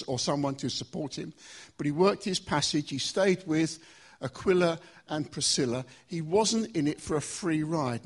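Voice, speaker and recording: A man preaching a sermon in a church, emphatic, slowing down to stress key phrases. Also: on the high side, husky. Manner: emphatic, varied pace with slow stressed phrases.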